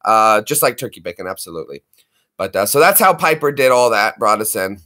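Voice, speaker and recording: A man's voice: on the low side, brisk. A man hosting a casual livestream, rambling and chatty. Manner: rambling, animated, does voices for pets. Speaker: livestream host. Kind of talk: casual chat.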